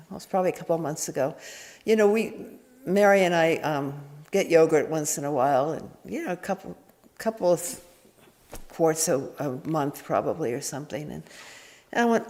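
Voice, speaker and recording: A woman Zen teacher giving an informal dharma talk, meandering and candid, with many restarts and soft chuckles. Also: on the low side. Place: meditation hall. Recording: echoey hall reverb.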